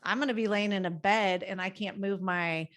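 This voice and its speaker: A woman's voice: mid-range voice, fairly even intonation, moderate pace, fairly bright tone. A middle-aged woman counselor telling a personal story in a candid, rambling way, with many fillers and laughs. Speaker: guest family counselor. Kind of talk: casual podcast conversation.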